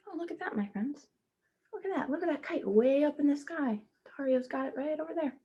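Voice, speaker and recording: A woman teacher reading a children's picture book aloud, stopping to gently ask her young listeners questions. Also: high voice, fairly quick. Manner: speaks to children as "friends".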